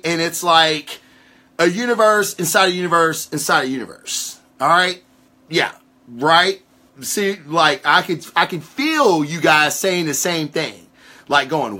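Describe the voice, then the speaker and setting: A fairly high, bright-voiced man hosts a casual comic review show. His pitch swings widely as he rambles and swears through rants, loose and unscripted. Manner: swearing, rambling, animated storytelling. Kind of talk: casual ranting show commentary.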